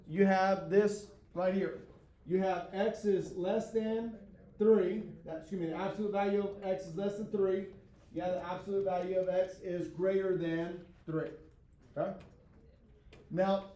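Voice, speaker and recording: A man with a high but mellow voice teaches a math lesson, recorded in an echoey classroom. He lectures in a folksy, self-deprecating way and keeps checking in with his class. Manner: frequent check-ins with the class.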